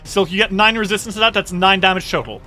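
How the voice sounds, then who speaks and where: A man's voice: high voice, quick pace, sharp tone, soft background music. A man running a tabletop game as game master, narrating combat vividly and reacting with groans at bad rolls. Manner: friendly, descriptive, reacts with groans.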